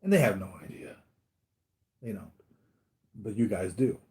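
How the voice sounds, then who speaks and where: An American man hosts a casual live stream about his collectibles, rambling along and acting out the voices of people in his anecdotes. His voice is lowish and mellow, very animated, and a little slow.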